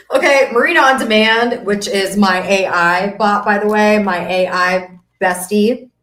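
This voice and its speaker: A woman's voice: medium pitch, a little slow, a bit bright. A woman business coach hosting a masterclass, talking in an emphatic, preachy motivational way and repeating her phrases for effect. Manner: faith-driven motivational tone. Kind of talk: motivational webinar talk. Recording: roomy echo.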